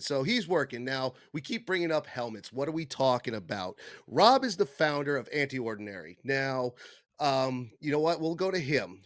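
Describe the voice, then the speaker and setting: A man's voice: medium pitch, no room sound, clean studio sound. A man hosting a casual podcast, rambling and joking at his own expense. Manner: jokey, rambling, self-deprecating. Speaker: podcast host.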